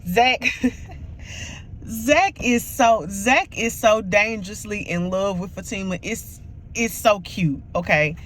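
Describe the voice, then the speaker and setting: A woman's voice: mid-range voice, slow pace. Woman rambling thru a tv episode recap, lots of restarts, faint noise behind. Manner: rambling, many restarts and fillers, acts out quotes. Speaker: TV show reviewer.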